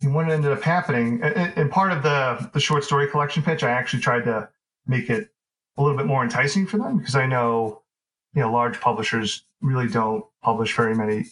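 A man talks casually with a mid-range voice, circling his points with plenty of fillers and self-corrections. He keeps a loose, easygoing conversational flow, pitched in an ordinary register. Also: fairly quick, rough recording. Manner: relaxed, rambling, many fillers and restarts. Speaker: author guest.

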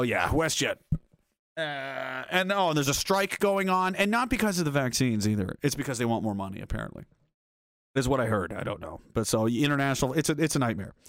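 A man's voice: on the high side, dry recording. Guy ranting on a stream, swears a ton, rambly stories, bouncy voice, dry mic. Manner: crude, blunt and animated; rambling storyteller. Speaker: livestreamer reading chat. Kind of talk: casual profane rant.

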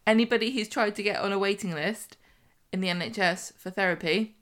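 A woman's voice: mid-range voice, brisk, fairly bright tone. A woman co-hosting a podcast in casual chat, with a dry, teasing manner. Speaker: podcast co-host.

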